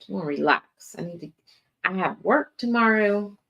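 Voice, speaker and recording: A woman's voice: medium pitch, lively intonation, creaky, fairly bright tone, highs cut off. A tired woman, chatting casually with viewers as host of her morning livestream. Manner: chatty, drawn-out, lots of fillers and yawning. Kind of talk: casual live chat with viewers.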